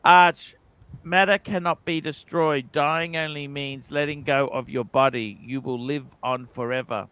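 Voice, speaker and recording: Bright-voiced livestream host. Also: male voice, medium pitch, fairly even intonation, moderate pace, hardly any pauses, smooth. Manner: reads donor comments aloud, swears casually. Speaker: livestream host reading super chats. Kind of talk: casual livestream chat.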